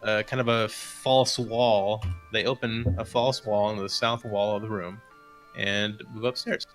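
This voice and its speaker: A man's voice: fairly low pitch, fairly even intonation, measured pace, faint music behind. A man running a tabletop game as game master, narrating loosely with many fillers.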